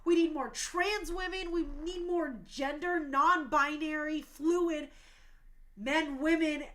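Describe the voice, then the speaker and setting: A woman's voice: high voice, fairly even intonation, slow pace, a bit bright. A woman in her thirties hosting a talk show stream, speaking passionately and emotionally, tearful at times.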